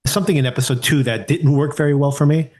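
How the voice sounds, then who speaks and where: A man's voice: on the high side, fast talker, darkish tone. A man co-hosting a podcast, chatting casually through a TV review and thinking aloud with rhetorical questions. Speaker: podcast co-host.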